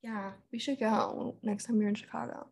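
A woman's voice: mid-range voice, level tone, moderate pace, gravelly, darkish tone, husky. A young woman co-hosting a podcast, telling stories in casual chat, swearing and saying "like" and "literally" a lot. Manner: chatty storyteller, swears, says "like" and "literally" a lot. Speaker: podcast co-host.

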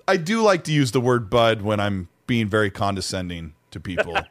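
A man co-hosting a casual gaming podcast, reading out chat messages in an animated, easygoing way. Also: lowish voice, moderate pace, no echo. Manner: animated, reads out chat messages, laughs easily. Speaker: podcast co-host.

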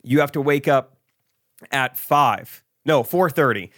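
A man's voice: medium pitch, animated, slow, a bit bright, no echo, clean studio sound. A man co-hosting a podcast, telling a story casually and laughing often. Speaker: podcast co-host. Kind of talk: casual chat.

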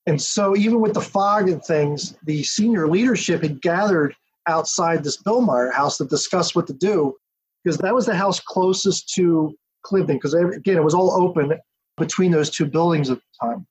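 A man, an author and historian, giving a detailed, steady account as a podcast interview guest. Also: on the high side, moderate pace, husky. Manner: detailed, steady storytelling with asides. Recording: dull lo-fi audio.

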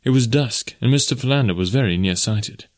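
A man narrating an audiobook in a steady, measured storytelling manner. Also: medium pitch. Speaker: audiobook narrator and podcast host. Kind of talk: audiobook reading.

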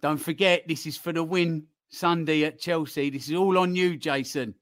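A man's voice: a little high, fairly even intonation, moderate pace, fairly bright tone, no echo. A man running a jokey game-show quiz on a fan podcast, with playful mock-presenter patter.

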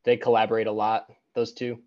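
A man's voice: lowish voice, completely flat delivery, a little fast, a little mellow, no room sound, dull audio. A man co-hosting a podcast in casual chat, joking and teasing his co-host.

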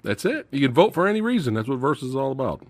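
A man's voice: mid-range voice, racing, no echo. A man hosting a casual panel discussion, joking with the guests and calling for votes. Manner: lively, jokey, runs the vote. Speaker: host.

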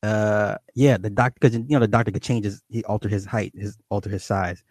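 A man's voice: lowish voice, fairly even intonation, fairly quick, a little mellow, dry recording. A middle-aged man streaming to his viewers in a casual, profane rant, repeating and restarting phrases as he goes.

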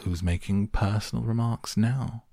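A man's voice: on the low side, steady tone, a little slow, vocal fry, warm tone, no echo, clean studio sound, voice pushed up. A man doing a mournful, quarrelsome hatter. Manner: mournful, argumentative.

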